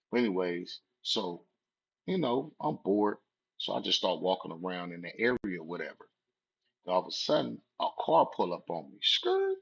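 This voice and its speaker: A man's voice: sits low, vocal fry, husky. A man, casually telling a personal story in laid-back street slang. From Southern California. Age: 40s. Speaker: vlogger. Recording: dull lo-fi recording.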